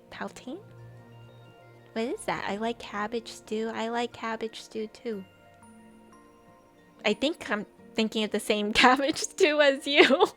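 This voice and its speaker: A woman's voice: mid-range voice, a bit bright. A young woman streamer in casual chat with viewers, rambling, laughing often and reading chat aloud.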